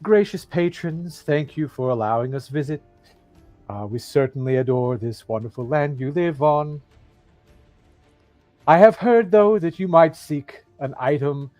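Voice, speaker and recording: A man's voice: medium pitch, a little mellow, lightly acted. A man doing an earnest sing-song bard. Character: earnest bard player character, male.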